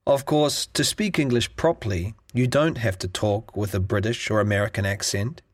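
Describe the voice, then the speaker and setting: A man reading a scripted English listening lesson in a clear, measured way. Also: on the low side, no echo. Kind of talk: scripted narration.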